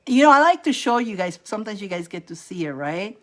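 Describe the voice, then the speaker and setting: A woman hosting a casual live-stream spiritual reading. She is chatty and animated, repeats herself and laughs often. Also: mid-range voice, fairly quick. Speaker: host giving psychic readings.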